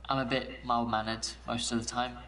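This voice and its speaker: A man's voice: mid-range voice, level tone, fairly quick, natural voice. An actor playing a shy, mild-mannered male schoolteacher on a blind date, talking hesitantly with little stammers. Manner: hesitant, soft-spoken, stammering. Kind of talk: dating game dialogue. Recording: distant game audio with faint music.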